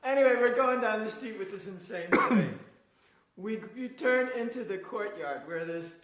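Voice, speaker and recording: A man's voice: sits high, normal speed. A man reminiscing in casual conversation, acting out the dialogue and laughing often as he tells his story. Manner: animated, acts out quoted dialogue, laughs often. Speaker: storyteller recalling past travels. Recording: roomy echoey room.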